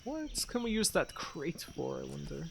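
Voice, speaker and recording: A man's voice: on the high side, very animated, moderate pace, creaky, a little hiss or hum. A man streaming a video game, chatting casually with wry, rambling jokes and asides. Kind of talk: casual gameplay commentary.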